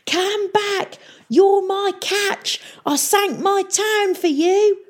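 A woman's voice: very high-pitched, extremely slow, voice pushed up, full character voice. A woman voicing a panicked middle-aged pirate mayor who shrieks and pleads desperately. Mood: frantic.

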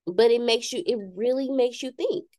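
Woman on a spiritual chat show, kinda dark mellow tone, blunt and laughs at herself. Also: a little high, normal speed. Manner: candid and self-deprecating, preachy asides. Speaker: podcast co-host. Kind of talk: casual spiritual talk.

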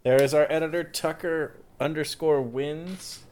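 A man's voice: on the high side, steady tone, measured pace, darkish tone. A man co-hosting a podcast in easygoing casual chat, laughing along as he talks. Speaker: podcast co-host.

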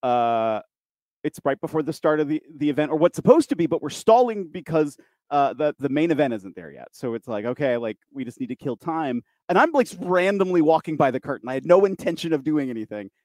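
Man, casual chat, fairly high voice, dry close sound, rambling. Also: animated, a little fast, darkish tone, no echo. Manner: rambling, restarts, voices others in quotes. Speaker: podcast host, wrestling commentator.

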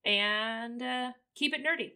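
A woman co-hosting a podcast, chatting casually about a book with quick, expressive reactions. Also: a little high, smooth. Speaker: podcast co-host. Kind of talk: casual book-club chat.

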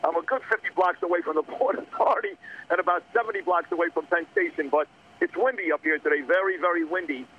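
A middle-aged man calling into a talk radio show by phone from a windy street, ranting in a rapid, heated, rambling way. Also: high-pitched, breathy edge. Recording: muffled phone line.

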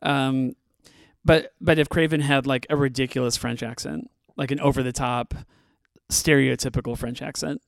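A man's voice: mid-range voice, fairly even intonation, moderate pace, vocal fry, no room sound, studio quality. A man co-hosting a podcast in a laid-back, chuckling way while chatting about a movie. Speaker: podcast co-host, producer. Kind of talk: casual movie podcast chat.

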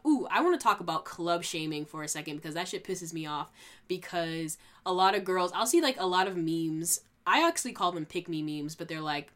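A woman's voice: lively intonation, a little fast, a bit bright. A young woman hosting a podcast, ranting heatedly and sarcastically, swearing freely. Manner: heated, sarcastic, swears freely, mocks others in high put-on voices. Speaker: podcast host. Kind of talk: casual ranting podcast monologue.

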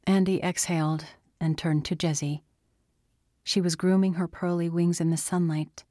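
A woman reads a story aloud in a calm, measured way. Her voice sits low, and the sound is dry and close to the mic, with no room around it. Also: dry recording. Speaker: narrator. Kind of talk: scripted audiobook narration.

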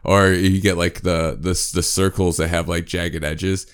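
A man's voice: sits low, little pitch movement, a little slow, smooth. A man co-hosting a casual podcast chat, rambling with many restarts and getting worked up when frustrated.

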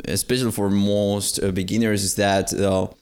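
A man hosting a casual lesson chat, hesitant and pausing to search for words. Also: on the low side, little pitch movement, darkish tone, clean tone. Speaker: host and language teacher.

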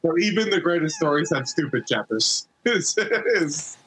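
A man co-hosting a podcast in casual chat, recapping a story in rambling, halting bursts with many restarts. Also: a little high, big pitch swings, a bit bright, slight background noise, low-quality recording. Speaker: podcast co-host.

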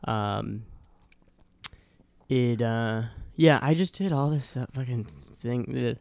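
A man's voice: medium pitch, animated, slow, vocal fry, darkish tone, dry recording. A man hosting a casual podcast chat, rambling and hesitant with many fillers. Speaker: podcast host.

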